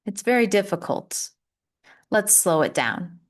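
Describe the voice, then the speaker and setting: Slow, deliberate woman teaching pronunciation. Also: lowish voice. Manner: slow, deliberate, drawn-out words for repetition; encouraging teacher tone. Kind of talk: slow, clear pronunciation lesson.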